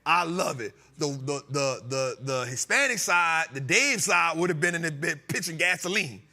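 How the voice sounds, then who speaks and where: A male host with a fairly high voice talks stocks at normal speed on a comedic finance show. He's animated and loose, joking around, laughing often, and teasing his crew.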